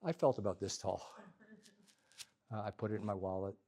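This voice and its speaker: A man telling a personal story to a live audience, in an animated, humorous, conversational way. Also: on the low side, fairly quick.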